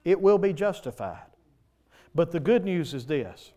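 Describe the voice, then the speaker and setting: Very animated yet measured in pace, a man preaches in church with a slightly high voice. He pleads with passion, building to loud swells and then falling back to quiet stretches.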